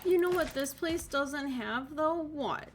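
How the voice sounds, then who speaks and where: A woman's voice: high-pitched, takes it slowly, slight background noise. A woman giving casual gameplay commentary, chatty and thinking aloud, with sudden exasperated outbursts. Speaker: let's play gamer.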